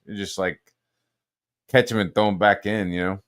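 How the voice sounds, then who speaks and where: A man with a fairly low voice talks in a loose, laid-back way, peppering his stories with swearing and filler words. His voice sounds dry and close, with no room echo. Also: very animated, moderate pace, pauses often, fairly bright tone. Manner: profane, laid-back, says "like" and "dude" a lot. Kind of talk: casual chat.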